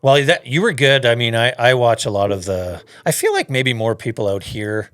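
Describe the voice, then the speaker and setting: A man's voice: medium pitch, big pitch swings, normal speed, fairly bright tone, smooth, dry recording, studio quality. A man from Canada hosting a casual podcast conversation, agreeable and laid-back, swearing now and then. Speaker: podcast host.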